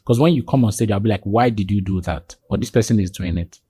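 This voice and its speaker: Quick-paced, warm and slightly rough, this man's voice has no room sound. Appearing as a podcast guest, he tells animated stories in conversation and plays the characters, with sudden high pitch jumps on their quoted words.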